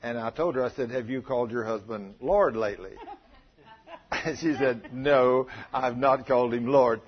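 A man preaching a sermon, telling folksy stories with a chuckle in a husky voice. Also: mid-range voice, normal speed, muffled recording.

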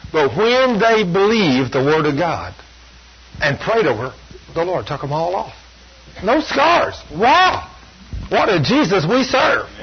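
A man's voice: on the high side, vocal fry, slightly rough. An older man preaching a folksy sermon, plain-spoken and full of homespun stories. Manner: plain-spoken, storytelling, self-deprecating. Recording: dull lo-fi sound.

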